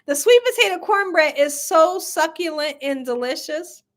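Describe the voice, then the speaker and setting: A woman's voice: sits high, expressive, normal speed. A woman hosting a casual cooking livestream, chatty and laughing often as she reads viewer comments aloud. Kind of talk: casual live chat reading viewer comments.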